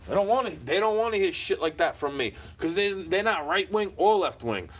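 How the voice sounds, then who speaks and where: A man with a slightly high-pitched voice rants straight at the camera. He is combative and profane, dropping to low mutters before building into shouted outbursts. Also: expressive, fairly quick. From United States. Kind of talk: profane ranting monologue.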